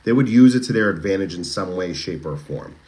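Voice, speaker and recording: A man's voice: sits low, lively intonation, a little fast, mellow. A man with a Boston accent hosting a casual true crime livestream, chatting with viewers, answering their comments and asking them questions. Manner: chatty, with frequent restarts and direct questions to viewers. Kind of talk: casual live-stream chat reading viewer comments.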